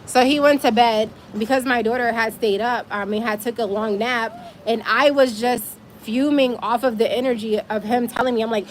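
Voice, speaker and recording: A woman telling her own story on a casual livestream, animated and emphatic, swearing now and then. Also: on the high side, normal speed, hardly any pauses, a little hiss or hum.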